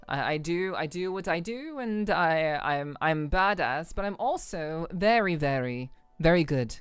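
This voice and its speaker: A woman's voice: fairly low pitch, expressive, unhurried, hardly any pauses, smooth. A woman streamer chatting casually with her viewers, friendly and rambling, with stuttered restarts and lots of fillers. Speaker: live streamer.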